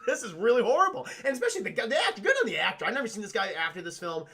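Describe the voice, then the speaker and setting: A man's voice: very high voice, racing, vocal fry, heavy background noise. A man casually recapping a film on a livestream, swearing often and talking to his chat. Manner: profane, animated, addresses chat. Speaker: streamer and film reviewer.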